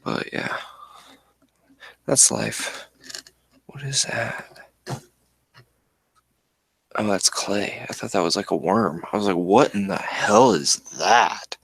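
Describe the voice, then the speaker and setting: Man, deep dry voice, rambling casual streamer, fidgety and eccentric. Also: expressive, slow pace, gravelly, a bit bright, breathy edge, dry recording. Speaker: livestream host. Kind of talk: casual chat. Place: indoors at home with plants.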